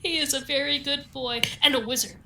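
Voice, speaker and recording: A young woman playing a tabletop game, excitable and giggly, gushing and reacting eagerly. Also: high-pitched, vocal fry, slight background noise. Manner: excitable, giggly, quick to gush. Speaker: player.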